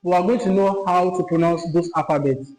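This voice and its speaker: A man teaching a lesson at a board, speaking slowly and repeating himself, often checking that his listeners follow. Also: sits high, a little mellow. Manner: slow, repetitive, checks understanding. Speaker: French teacher. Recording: echoey room.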